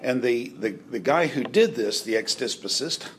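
A man teaching a Bible class in a halting way, with restarts and dry joking asides. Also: medium pitch, expressive, slight background noise.

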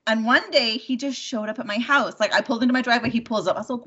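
A woman in her thirties tells a story in casual chat, her voice sitting a little high. She rambles and swears freely, stringing thoughts together with "like". The recording sounds dull and lo-fi. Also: very fast, few pauses, husky. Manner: rambling, animated storytelling with lots of "like" and profanity.

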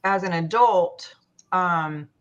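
A woman with a slightly low voice tells her own story in a group talk. She hesitates a lot and restarts her sentences, and the sound is dull and lo-fi. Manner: halting, full of fillers and restarts. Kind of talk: personal story in a discussion.

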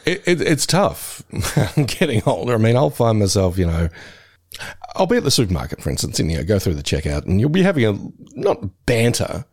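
A man's voice: on the low side, very animated, brisk, a little mellow, slightly rough. A middle-aged man, co-hosting a casual podcast chat in a rambling, self-deprecating way with frequent laughs. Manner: rambling, self-deprecating, laughs often, slips into quoted voices. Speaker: podcast co-host.

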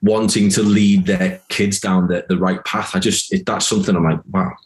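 Deep-voiced blunt man. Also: fairly even intonation, moderate pace. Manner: blunt, emphatic, swears, acts out others' thoughts. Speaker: podcast guest. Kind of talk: casual podcast conversation.

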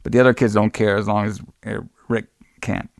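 A man with a gravelly, creaky edge recaps a movie in a rambling, easygoing chat, laughing and swearing as he goes. His voice sounds dry and close to the mic, with no room around it. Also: lowish voice, level tone, fairly quick, no room sound. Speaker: podcast co-host.

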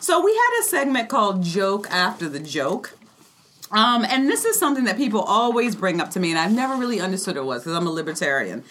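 A woman's voice: mid-range voice, very animated, quick pace, a bit bright, a little hiss or hum. A woman co-hosting a podcast, casually explaining things with lots of fillers. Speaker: podcast co-host. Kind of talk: casual chat.

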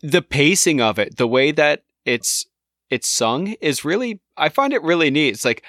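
A man's voice: fairly high pitch, animated, moderate pace, a bit bright, no echo, clean studio sound. Enthusiastic male podcast co-host. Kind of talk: casual music podcast chat.

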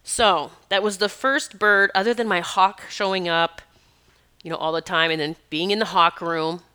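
Bright, crisp-voiced woman telling a story. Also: lowish voice, fairly even intonation, normal speed. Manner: rambling and conversational, with many asides and "you know". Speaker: animal communicator and healer. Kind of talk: personal storytelling.

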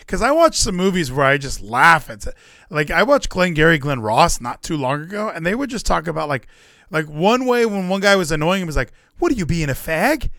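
Young man, podcast host, lively swooping voice, rambling jokes, dry close sound. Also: a little high, fairly quick, no echo. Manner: rambling, joking asides and running gags; animated, ranting bursts. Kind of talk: casual chat.

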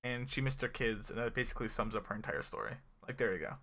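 A man's voice: mid-range voice, lively intonation, fast talker, pushed and bright. A young man co-hosting a casual TV podcast, opinionated and dry, often trailing off at the ends of his sentences. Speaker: podcast co-host. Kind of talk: casual TV recap chat.

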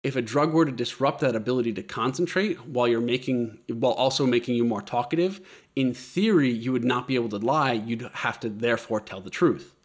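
Man, podcast co-host, earnest, medium pitch, casual explaining, repeats words. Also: fairly quick. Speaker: podcast co-host presenting the topic.

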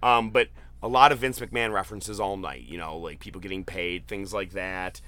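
A man hosting a casual podcast chat, retelling jokes with excited, profane laughter. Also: low-pitched, moderate pace, a little hiss or hum. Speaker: podcast host. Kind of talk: casual chat recapping an event.

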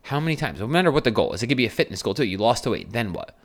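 Rapid-fire, with big pitch swings around a medium pitch, a New Jersey coach delivers an emphatic, repetitive podcast monologue in a casual style. Swearing and rhetorical questions come up often.

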